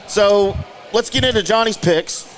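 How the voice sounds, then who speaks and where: A man's voice: high voice, a little slow, a bit bright. A man hosting a casual podcast, joking and bantering with his co-hosts. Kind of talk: casual chat.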